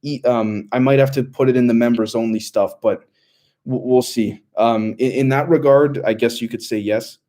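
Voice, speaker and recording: Young male livestream host, mellow tone, loose and rambling, lots of ums while reading chat. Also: medium pitch, steady tone, moderate pace. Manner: loose and rambling, many fillers and restarts.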